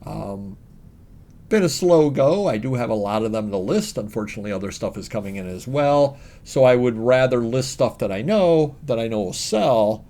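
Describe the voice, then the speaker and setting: A man's voice: medium pitch, expressive, normal speed, mellow. A man co-hosting a casual reselling show, chatting and listing items with many fillers. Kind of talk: casual chat about sales.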